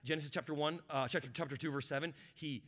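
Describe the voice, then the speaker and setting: He talks fast, with a steady tone and a voice on the high side, preaching a sermon as guest pastor. The message swells from quiet reflection to shouted fervor, with calls for the congregation to respond.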